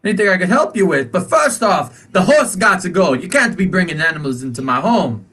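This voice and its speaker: A man doing a shrill, fussy shopkeeper. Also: sing-song, a little fast, fairly bright tone, far from the mic. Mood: indignant. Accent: put-on French accent. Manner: shrill, affronted exclamations. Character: fussy male shopkeeper, indignant and prickly.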